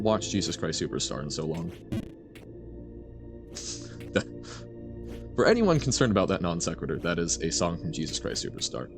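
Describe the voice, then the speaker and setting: Brief: male streamer, low voice with wide, bouncy swings, rambling chat over faint game music. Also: normal speed, gravelly, long pauses. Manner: animated, rambling, self-correcting, answers chat. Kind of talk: casual live-stream chat while gaming.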